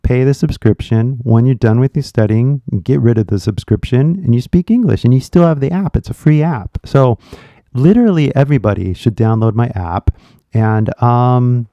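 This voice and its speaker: Hosting his own channel as an English teacher, a Californian man with a Californian American accent chats casually and animatedly, rambling straight to his viewers. He speaks at a moderate pace in a mid-range voice, on a muffled recording with no room sound.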